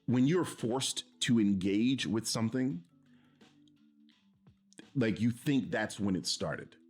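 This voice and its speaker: A man's voice: fairly low pitch, animated, takes it slowly, pauses often, darkish tone, slightly rough, faint music behind. A man streaming, reacting to a video in heated casual commentary, swearing and mocking with an exasperated tone. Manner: profane, exasperated, mocking laughs.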